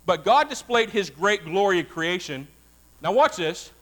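A man preaching a sermon as a Baptist pastor, animated and folksy, calling out to his congregation. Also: high voice, normal speed.

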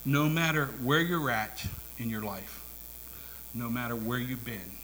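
Slow, bright-voiced male preacher. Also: mid-range voice, expressive, a little hiss or hum, low-quality recording. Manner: dramatic preaching, swinging from hushed whispers to loud climaxes. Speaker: pastor. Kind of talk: sermon. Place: church sanctuary.

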